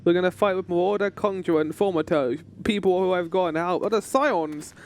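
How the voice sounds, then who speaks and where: A man's voice: high-pitched, a little fast. A man streaming a game, chatting casually and joking with frequent laughs. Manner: chatty, jokey, laughs often. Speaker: gaming streamer.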